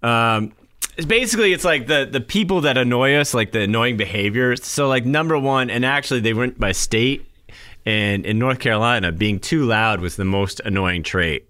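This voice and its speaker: A middle-aged man co-hosting a casual radio chat, animated, laughing often and acting out quotes. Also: medium pitch, normal speed. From northeastern US. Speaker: radio show co-host.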